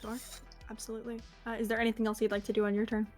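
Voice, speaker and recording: A woman's voice: a little high, level tone, rapid-fire, a little mellow, faint music behind. A woman game master narrating a tabletop game with vivid description and frequent fillers.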